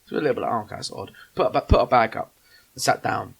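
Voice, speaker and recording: A young man telling a funny travel story on a podcast, animated and swearing freely as he acts out what people said. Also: mid-range voice, quick pace, creaky, breathy edge.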